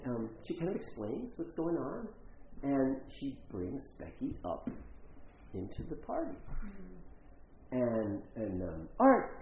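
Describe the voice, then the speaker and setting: A man's voice: mid-range voice, vocal fry, slight background noise. A man preaching a sermon as a pastor, telling a story and acting out the voices of the people in it. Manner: storytelling with acted-out quotes. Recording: roomy, slightly dull church recording.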